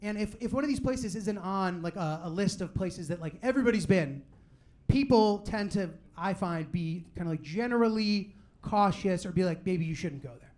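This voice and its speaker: A young man with a noticeably high-pitched voice works through a live stand-up set. He talks loosely, rambling through "like" and "you know what I mean," and slips into quick quoted asides from friends and family. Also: a little mellow. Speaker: stand-up comedian. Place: live comedy venue with audience.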